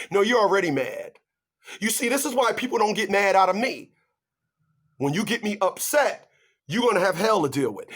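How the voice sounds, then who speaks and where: A man giving relationship advice in an animated monologue, emphatic and stammering as he talks straight to his audience. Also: high voice. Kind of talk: animated ranting monologue to viewers.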